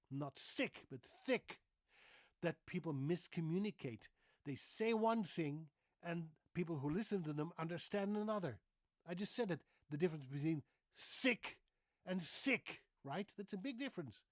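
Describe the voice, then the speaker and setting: A man from the Netherlands, explaining English in a lively, playful video lesson. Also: fairly high pitch, no room sound. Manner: animated, playful, mocks accents for fun. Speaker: English language teacher on video.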